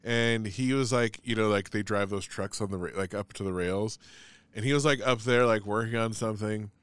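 A man's voice: fairly low pitch, a little fast, smooth, no echo. A man in casual chat, telling a long story in a rambling way, full of "like" and swearing.

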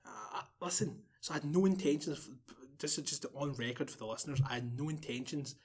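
Fairly high-pitched, husky and a little fast, this young Glaswegian man guests on a podcast, spinning a long story in relaxed conversation. He laughs, swears, and performs other people's lines with plenty of animation; he's from Scotland with a Glasgow Scottish accent.

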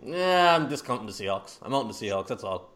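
A man co-hosting a casual podcast, talking rapidly and teasing his partner with frequent laughs. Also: medium pitch, very animated, fairly bright tone. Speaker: podcast co-host. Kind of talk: casual chat. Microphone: podcast microphone.

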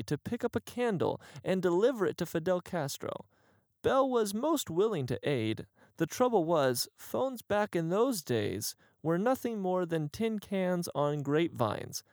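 A man reading an absurd comic tale in a mock-grand, deadpan way, his voice a bit higher than most men's. He is close to the mic, and the sound is dry with no room around it. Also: moderate pace, no echo. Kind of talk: comic storytelling narration.

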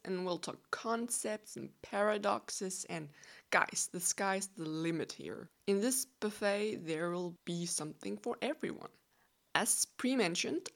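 A woman in her twenties with a Danish accent, hosting a relaxed solo podcast in a chatty, playful, self-deprecating way; English is not her first language. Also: mid-range voice, gravelly. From Denmark. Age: 20s. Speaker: podcast host.

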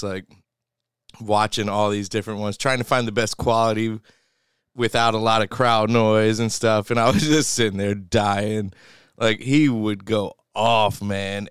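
A man with a smooth, slightly low voice rambles through a podcast story with loose, profane banter and easy laughs. The sound is close and dry. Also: no room sound. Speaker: podcast co-host. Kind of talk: casual chat.

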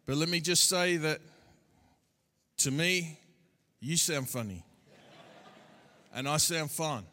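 A man's voice: fairly high pitch, steady tone, unhurried, bright, forceful tone. A man with an Australian accent preaching a sermon as a guest speaker, joking with the crowd between bursts of emphasis. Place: church hall. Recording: long reverb of a large hall.

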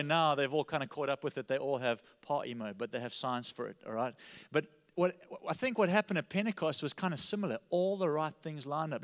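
A male pastor preaching a sermon, telling a story with animated energy and often checking in with "all right?". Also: fairly high pitch, long reverb tail.

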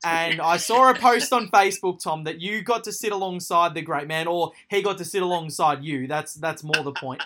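Aussie host bloke, bit higher pitched, asks stuff with lots of ums. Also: male voice, normal speed, hardly any pauses, bright, forceful tone, slight background noise. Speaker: radio show host. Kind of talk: casual interview chat.

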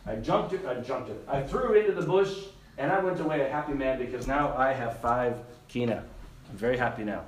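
Standing back from the microphone in an echoey room, this missionary preacher tells the congregation an illustration story with acted-out voices, laughter, and audience participation. His voice is medium-pitched and brisk.

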